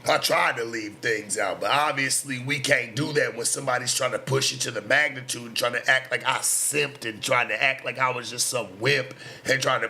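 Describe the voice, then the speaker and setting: With a mid-range voice, vocal fry and a sharp tone, a late night talk show host in his thirties delivers a profane casual rant. He sounds boastful and defensive, packing in lots of slang and swearing.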